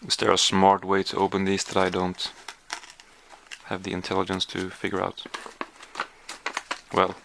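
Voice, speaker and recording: A man's voice: sits low, monotone, a little slow, vocal fry, long pauses, noisy background. A man chatting casually through a taste-test vlog, hesitant with lots of fillers, sometimes talking while chewing. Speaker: vlogger.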